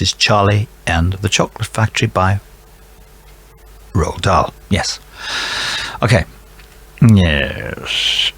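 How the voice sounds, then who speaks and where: A middle-aged man reads out quiz answers and keeps breaking off into chatty, jokey asides, sometimes talking to himself. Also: lowish voice. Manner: rambling, jokey, talks to himself. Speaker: quiz host.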